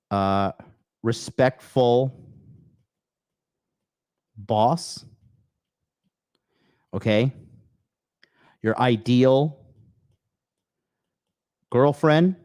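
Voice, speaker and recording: A man's voice: mid-range voice, a little mellow, no room sound. Blunt, swearing man ranting into a dry mic. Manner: blunt, crude, swears often, repeats okay; emphatic bursts, repeating key phrases. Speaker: podcast host. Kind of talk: profane motivational rant with chat replies.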